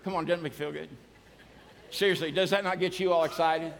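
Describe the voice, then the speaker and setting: A male pastor preaching a sermon to a church, energetic, often shouting and singing along with the congregation. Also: on the high side, brisk, creaky, big-room sound. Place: large church hall.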